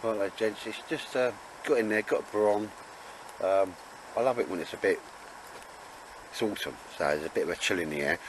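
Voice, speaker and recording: A man's voice: fairly low pitch, fairly quick, a little hiss or hum. A man chatting casually and jokily while camping in damp woods. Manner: chatty, jokey, laid-back. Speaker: vlogger. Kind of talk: casual outdoor chat.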